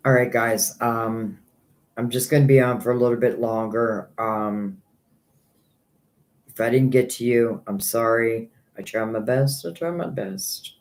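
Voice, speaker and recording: A man's voice: mid-range voice, fairly even intonation, a little slow. Man rambling through a tarot live stream. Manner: rambling, thinking aloud; earnest, a little hurt by critics. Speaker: psychic tarot reader.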